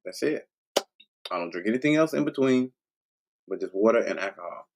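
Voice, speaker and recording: A man's voice: on the low side, expressive, brisk, background noise. A man hosting a livestream, talking to his viewers in a loose, rambling, profane casual monologue. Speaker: livestream host.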